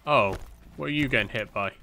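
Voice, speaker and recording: A man's voice: medium pitch, brisk, creaky, bright, forceful tone. Rambling young man narrating gameplay. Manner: rambling, self-deprecating, lots of fillers. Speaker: gameplay commentator. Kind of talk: casual let's-play commentary.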